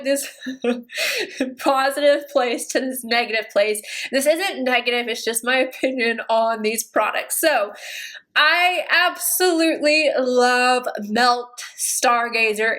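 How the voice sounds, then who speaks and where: A woman's voice: on the high side, a bit bright. A woman in her thirties, a beauty vlogger talking casually to camera, tearful and gushing with emotion.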